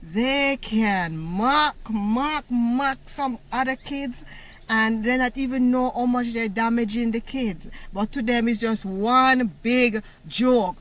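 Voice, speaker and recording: A woman from Jamaica with a Jamaican accent, telling a personal story in a casual, animated way, laughing often and using patois words. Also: on the high side, slow pace. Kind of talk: casual story time monologue.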